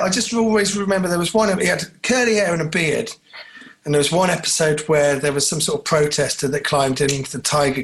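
A man's voice: on the high side, a bit bright. A man co-hosting a casual chat, telling rambling, jokey stories. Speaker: podcast co-host.

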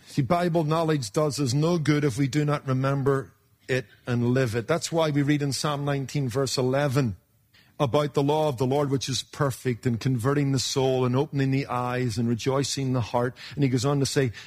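A man preaching a sermon in an emphatic, folksy way, swinging between loud bursts and hushed asides. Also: mid-range voice, fairly even intonation, normal speed.

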